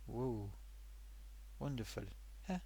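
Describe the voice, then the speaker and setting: Chatty, animated man hosting a live stream. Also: medium pitch, slow, creaky, slightly rough, no echo. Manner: rambling, chatty, self-amused, many fillers. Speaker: live-stream host reading viewer comments. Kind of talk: casual live-stream chat.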